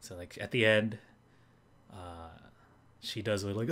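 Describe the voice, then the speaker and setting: Low-voiced man recapping in rambling chat. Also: steady tone, measured pace, a bit bright. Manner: rambling recap, full of fillers and acted quotes. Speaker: podcast co-host. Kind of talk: casual chat.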